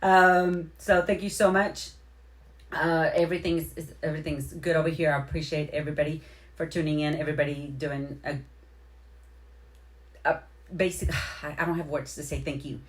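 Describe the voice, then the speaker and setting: Livestream host, woman with a low voice, effusive and rambling, repeats her thanks. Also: little pitch movement, normal speed. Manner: heartfelt, near tears at moments. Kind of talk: casual live-stream shout-outs to viewers.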